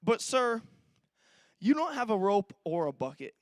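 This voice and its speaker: A man's voice: sits high, sing-song, unhurried, no room sound, studio quality. A man voicing a sassy, skeptical young woman at a well, answering with slick, dismissive retorts.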